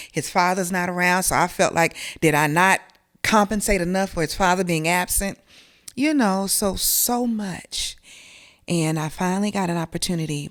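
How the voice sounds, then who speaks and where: A middle-aged woman, from South Carolina, telling a personal story as an interview guest in an emotional, earnest, conversational way. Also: lowish voice.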